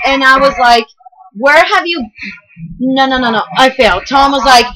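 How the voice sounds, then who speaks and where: A woman's voice: high-pitched, moderate pace, sharp tone, low-quality recording. A young female gamer rambling through let's play commentary with lots of fillers.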